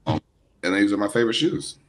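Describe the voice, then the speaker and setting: Deep-voiced, relaxed male co-host. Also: quick pace, heavy background noise. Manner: relaxed and laughing easily. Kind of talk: casual chat. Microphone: video call.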